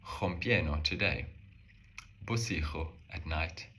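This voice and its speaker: Deep, bright-voiced man teaching a language. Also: a little hiss or hum. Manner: calm step-by-step explanation, slowing on example phrases. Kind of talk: explaining a language lesson.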